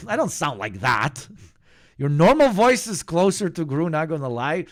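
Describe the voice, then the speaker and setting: A man from the Balkans with a slight Slavic accent, a squeaky voice with deep undertones, chatting and joking on a stream and swearing freely. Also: sing-song, normal speed. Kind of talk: casual stream chat.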